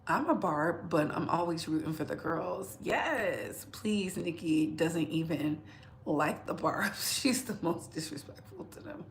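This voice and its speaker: A woman's voice: lowish voice, big pitch swings, a little slow. A woman hosting a casual livestream, chatting straight to her viewers and laughing often. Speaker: livestream host. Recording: echoey room with faint background noise.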